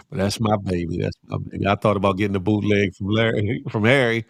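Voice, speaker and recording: Gravelly animated man hosting a morning stream. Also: lowish voice, normal speed, no echo, studio quality. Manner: animated, calls out chat names, slangy and preachy. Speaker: morning show host. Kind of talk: casual live-stream chat reading viewer comments.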